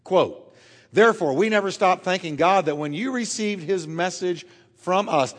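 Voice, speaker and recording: A pastor preaching a sermon to his church, emphatic, dropping quiet and then swelling loud, drawing out key words. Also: high-pitched, expressive, normal speed, in a large hall.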